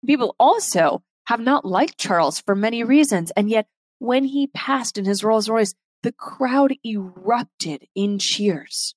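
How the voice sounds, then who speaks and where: A woman hosting a podcast, speaking earnestly and from the heart in an unhurried solo monologue. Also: on the high side, animated, no room sound. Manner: reads a poem aloud slowly and softly. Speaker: podcast host. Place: London.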